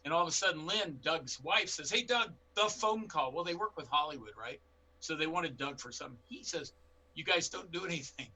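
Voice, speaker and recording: A man in middle age answers questions as a bear expert, telling lively stories and acting out what people said. His voice is very bright and sharp and sits a little high. A faint hum runs under the recording. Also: brisk, low-quality recording. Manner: animated anecdotes with quoted dialogue. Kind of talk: storytelling in a panel interview.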